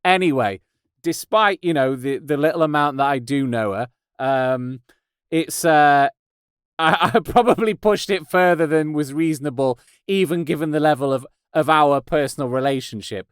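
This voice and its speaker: A podcast host who also does voice acting rambles through a casual monologue, poking fun at himself, laughing often and restarting his sentences. His voice is fairly high, clear and resonant, delivered at a moderate pace. The recording is dry, made in a padded home studio booth.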